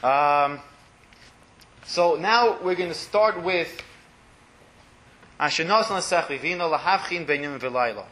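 A man's voice: fairly high pitch, unhurried, pauses often. A man teaching a religious class to a small group, translating blessings phrase by phrase and often letting his voice drop to a murmur. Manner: explanatory, translating Hebrew phrases line by line, often trails off quietly.

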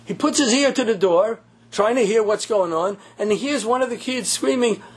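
A man telling a story in a sermon, animated and repeating phrases for emphasis. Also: sits high, normal speed, slightly rough. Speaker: religious teacher.

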